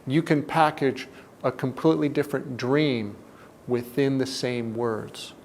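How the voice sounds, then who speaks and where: Gravelly guy talking self-help, slow and thoughtful, goes quiet a lot, faint hiss behind. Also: fairly even intonation. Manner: deliberate, often drops to a soft, low tone. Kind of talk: reflective teaching talk.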